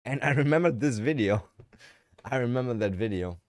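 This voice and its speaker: A man's voice: medium pitch, expressive, moderate pace, no echo, studio quality. A man hosting a livestream, chatting casually and bluntly while paraphrasing a video, swearing and laughing now and then. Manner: narrates and paraphrases the clip. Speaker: livestream host.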